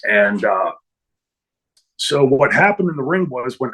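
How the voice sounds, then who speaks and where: A man's voice: mid-range voice, sing-song, measured pace, fairly bright tone, a little hiss or hum, rough recording. A middle-aged man telling a long story in an interview, rambling with many fillers and restarts. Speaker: interview guest, former wrestler.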